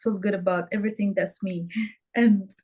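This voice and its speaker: A woman's voice: medium pitch, fairly even intonation, moderate pace, darkish tone, breathy edge, low-quality recording. Hesitant woman sharing in a workshop. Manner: hesitant, many ums and restarts. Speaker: workshop participant.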